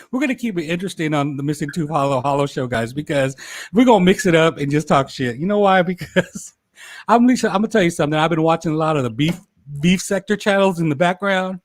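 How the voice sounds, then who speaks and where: This is a chatty man in his forties who hosts a casual livestream for his viewers. He talks a little high and laughs a lot, often tripping over his own words. The sound is dry and close, with no room around it. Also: dry recording. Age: 40s. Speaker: host.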